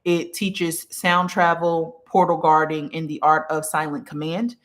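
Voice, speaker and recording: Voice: mid-range voice, level tone, a little slow, fairly bright tone. A spiritual teacher hosting a live stream, teaching casually from notes, often asking "okay?" and greeting viewers along the way. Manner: greets viewers mid-lesson. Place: small room with incense and a candle burning.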